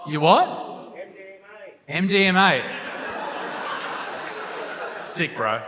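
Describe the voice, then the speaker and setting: A young Australian man does stand-up crowd work on a theatre stage, trading brash, crude banter with the audience through a handheld mic. His voice sits fairly high and comes out very slowly, animated and sharp in tone. Live hall reverb and audience noise fill the recording.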